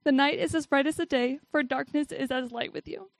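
A woman's voice: high voice, brisk, creaky, dry recording. A woman giving a casual devotional talk and reading Bible verses, who says "like" a lot and laughs often. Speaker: Bible study speaker.

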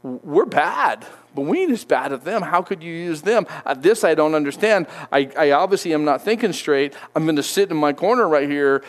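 A man's voice: on the high side, animated, moderate pace, hardly any pauses, natural voice. A man voicing a baffled, indignant prophet who protests to God. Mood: exasperated. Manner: exasperated, protesting.

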